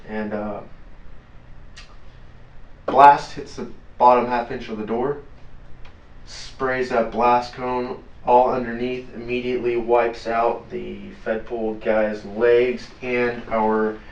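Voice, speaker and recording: A man recounting a combat story in an interview, blunt and profane, halting often with fillers. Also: medium pitch, a little hiss or hum. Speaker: interview guest, former Navy SEAL. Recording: roomy, distant, dull lo-fi sound.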